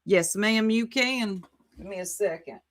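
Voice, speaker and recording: Woman livestream host, sassy and exclamatory, unhurried commentary, reacts to chat. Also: medium pitch.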